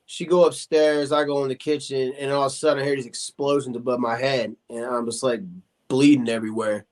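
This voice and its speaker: A man in his forties, guesting on a podcast, talks fairly quickly in a mid-range voice. He spins a long, casual story, animated and packed with fillers, acting out the voices of people he quotes.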